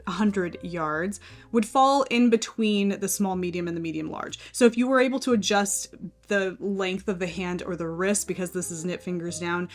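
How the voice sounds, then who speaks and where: A woman's voice: fairly low pitch, normal speed, soft background music. An American woman hosting a knitting channel, chatting through pattern picks in a casual, think-aloud way.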